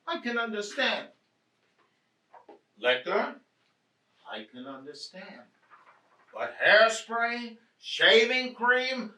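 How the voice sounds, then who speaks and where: An actor playing an irritable, nervous husband after a burglary, blustering, swearing and ranting in a stage play. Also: male voice, sits high, pushed and bright, full character voice. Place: theatre stage. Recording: roomy stage sound from a distant mic.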